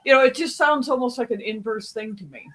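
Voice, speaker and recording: A podcast host with a mid-pitched voice interviews a guest in a relaxed, conversational way. The host reflects on what the guest has said and thinks aloud in loose, searching phrases. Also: fast.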